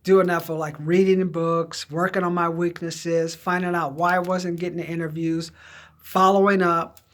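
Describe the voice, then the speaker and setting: Middle-aged man, high voice, rambling and candid, casual personal storytelling. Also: flat delivery, moderate pace. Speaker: vlogger giving job-search advice.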